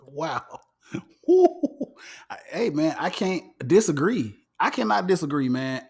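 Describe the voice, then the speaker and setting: High-voiced emphatic man. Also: slow pace, gravelly, husky. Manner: animated and emphatic, repeating words. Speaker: podcast host. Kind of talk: casual sports chat.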